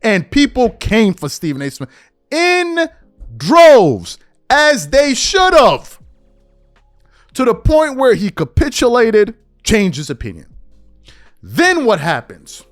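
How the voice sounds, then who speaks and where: Animated man in a dry political rant. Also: very high-pitched, takes it slowly, pauses often, no echo, faint music behind. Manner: animated, incredulous, rhetorical questions. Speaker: political commentary host. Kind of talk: political commentary monologue.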